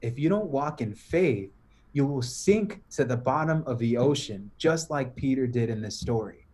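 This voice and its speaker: A man's voice: mid-range voice, normal speed. A man who is a podcast guest, telling a story as a casual, slang-heavy pep talk. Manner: slangy, animated, says "bro" and "right?" often.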